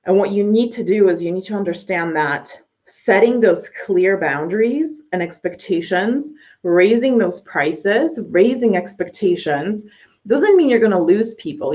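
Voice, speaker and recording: A woman's voice: medium pitch, darkish tone. Woman coach talking straight at you, blunt, swears a lot, kinda muffled lo-fi audio. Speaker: business coach. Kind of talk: direct-to-audience motivational talk. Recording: slightly dull lo-fi audio.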